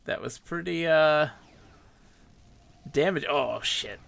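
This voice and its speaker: A man's voice: a little high, slow pace, gravelly, a bit bright. A man streaming a game live, chatting casually and reading the game text aloud. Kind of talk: casual gameplay commentary.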